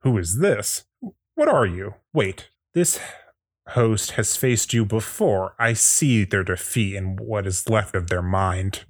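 A man's voice: lowish voice, lively intonation, takes it slowly, dry recording, studio quality. An actor reading a gloating male villain entity that absorbs powers, at a table read of a fan script. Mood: gloating menace. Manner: gloating, sinister.

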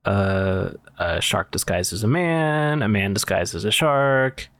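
A man's voice: fairly low pitch, lively intonation, takes it slowly, fairly bright tone, no room sound, studio quality. A man hosting a comedy podcast, casual and hesitant with lots of ums. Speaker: podcast host. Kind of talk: casual chat.

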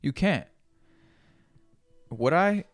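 A man's voice: a little high, animated, very slow, dry recording, faint music behind. A man hosting a solo podcast, talking in a casual, rambling, profane and motivational way. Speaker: podcast host.

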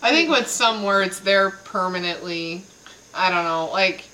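Casting: woman, very slow and deliberate, bright tone, faint noise behind her. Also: medium pitch, distant mic, rough recording. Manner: slow, thoughtful, hesitant. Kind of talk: casual family chat.

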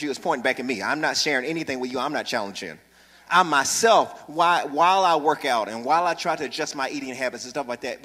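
A man's voice: a little high, sharp tone, slightly rough. A man, a pastor, preaching a sermon in church with humor and calls for the congregation to respond. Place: church sanctuary. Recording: reverberant church hall.

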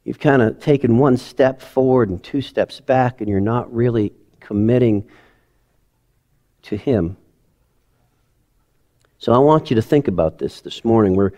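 A middle-aged male pastor giving a conversational, emotional sermon in a church sanctuary, swinging from quiet asides to loud emphasis. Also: mid-range voice.

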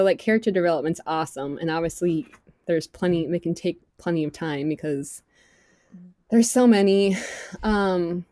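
A young woman chatting casually about books, animated and full of "like" fillers. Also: fairly low pitch, no room sound, studio quality. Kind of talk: casual chat.

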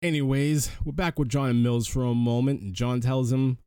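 A man's voice: mid-range voice, fairly even intonation, moderate pace, dark tone, smooth, no echo. Dry-sounding man recapping a movie. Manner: retells the plot step by step, chatty. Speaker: podcast host. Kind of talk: casual movie recap chat.

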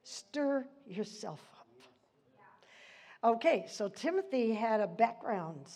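An older woman with a fairly high voice teaches scripture to a small church group. She talks in loose, chatty asides and laughs often, rambling before getting back to the verse. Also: animated, slow pace, warm tone, breathy edge. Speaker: Bible study teacher. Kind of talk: informal church Bible teaching.

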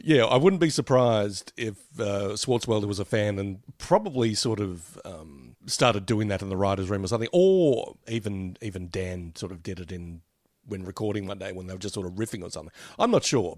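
A man rambles through a casual podcast chat, full of fillers and laughter. His pitch rises and falls with plenty of life. The sound is close and dry, with no room around it. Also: lively intonation, fairly quick, no room sound. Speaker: podcast co-host.

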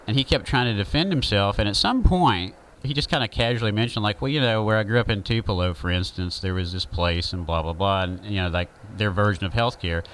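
A man's voice: lowish voice, fairly quick, few pauses, a bit bright, slight background noise, poor audio. A man with a Southern accent, talking through an opinion monologue in a rambling, conversational way with many fillers.

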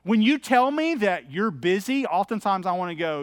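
A man's voice: high voice, big pitch swings, normal speed, no room sound, studio quality. A middle-aged man, preaching a sermon as pastor in a candid, conversational, anecdotal way.

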